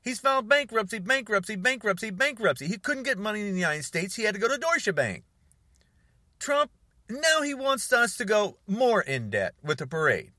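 A man rants in a bright, tense voice that swings widely in pitch, heated and sarcastic. His tone stays exasperated throughout. The recording is dry and close. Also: big pitch swings, normal speed, no room sound. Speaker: political commentator. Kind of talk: ranting monologue to camera.

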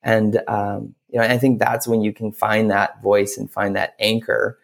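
A man's voice: on the low side, level tone, a little slow, gravelly. A man talking as a podcast guest, rambling with lots of fillers. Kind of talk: casual interview talk.

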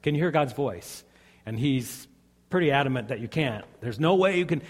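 A man's voice: on the high side, animated, brisk. A man preaching a sermon as a pastor, earnest and conversational, telling stories to his congregation. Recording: long hall reverb.

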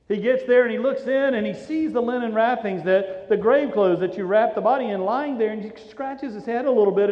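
A high-voiced male pastor delivering a sermon in a dramatic storytelling way, swinging from loud urgency down to hushed softness. His voice rings through a long, echoing church hall. The recording is dull and lo-fi. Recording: echoey hall, dull lo-fi sound.

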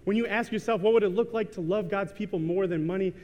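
A man's voice: high voice, fast, a little mellow. A man in his thirties preaching a sermon in a church, telling a story casually with lots of ums and likes. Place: church sanctuary. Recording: reverberant church hall.

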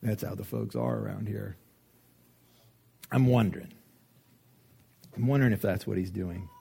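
Husky preacher, joking and animated. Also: male voice, fairly low pitch, normal speed. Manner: joking, animated, asks rhetorical questions. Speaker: pastor. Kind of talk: sermon.

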